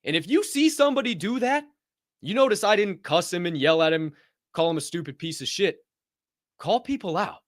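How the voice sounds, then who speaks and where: A man hosts his motivational show, talking bluntly and swearing freely. His voice sits fairly high and swings widely in pitch as he gets worked up. The sound is dry and close, with no room echo. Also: fairly quick. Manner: blunt, profane, animated storytelling. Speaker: podcast host. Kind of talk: casual motivational monologue.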